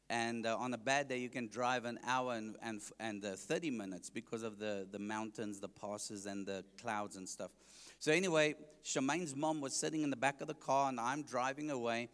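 A man's voice: mid-range voice, fairly even intonation, moderate pace, fairly bright tone, clean tone, long reverb tail. A man with a South African accent, an evangelist preaching his testimony to a congregation, joking and asking the listeners questions.

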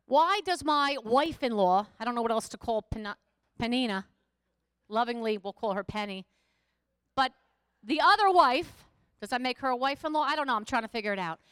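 A woman's voice: a little high, fast, long pauses, fairly bright tone, clean tone, dry recording, studio quality. A middle-aged woman pastor preaching a sermon, telling a story in a conversational way and rising to emphatic exhortation.

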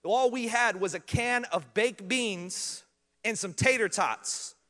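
A man's voice: high voice, slow pace, long reverb tail. A young adult man preaching, telling humorous stories and laughing along with them. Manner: humorous, animated, laughs at his own stories. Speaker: pastor. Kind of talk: storytelling sermon.

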